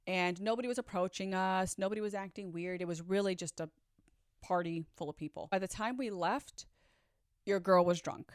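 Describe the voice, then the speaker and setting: A woman's voice: medium pitch, normal speed, clean tone, dry recording, studio quality. A woman telling her own story in a candid, chatty storytime monologue, swearing now and then and talking straight to her viewers.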